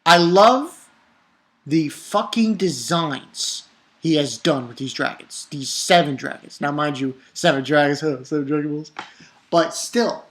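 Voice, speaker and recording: Excitable male manga reviewer, casual and profane, prone to loud outbursts. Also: on the high side, measured pace.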